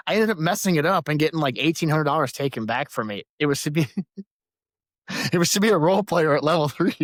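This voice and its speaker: A man who is an Army veteran and a podcast guest, telling lively anecdotes with frequent laughter and acted-out quotes in casual conversation. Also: on the high side, fast, no echo, clean studio sound. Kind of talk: casual storytelling.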